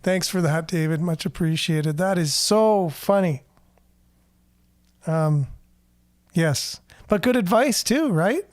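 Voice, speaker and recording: A man's voice: high voice, animated, takes it slowly, pauses often, dry recording, clean studio sound. A man hosting a radio morning show in a casual chatty way, greeting listeners and reading their comments aloud. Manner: chatty, upbeat, rambling. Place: radio studio.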